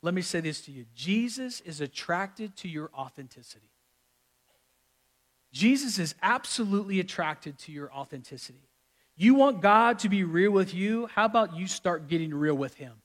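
A man's voice: sits high, lively intonation, moderate pace. A man pastor giving a sermon to a church audience, conversational and humorous, repeating phrases for emphasis. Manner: conversational, humorous preaching with repetitions. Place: church sanctuary with live audience.

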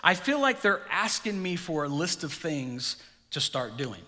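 Bright-voiced preacher in a reverberant hall. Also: male voice, fairly high pitch, big pitch swings, measured pace. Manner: conversational preaching with frequent rhetorical questions. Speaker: pastor; district youth director. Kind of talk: sermon.

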